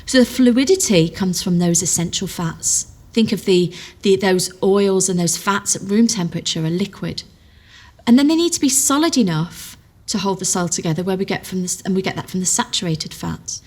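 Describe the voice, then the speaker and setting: A woman nutritional therapist explaining dietary fats clearly, using everyday examples. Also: mid-range voice, expressive, normal speed, darkish tone. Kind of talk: explanatory talk.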